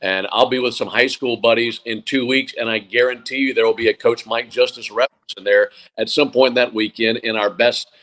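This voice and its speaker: A man's voice: medium pitch, fairly even intonation, brisk, few pauses, fairly bright tone, low-quality recording. Reflective man in his forties. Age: 40s. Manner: reflective, with frequent restarts and fillers. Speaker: sports play-by-play broadcaster, guest. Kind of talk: interview conversation.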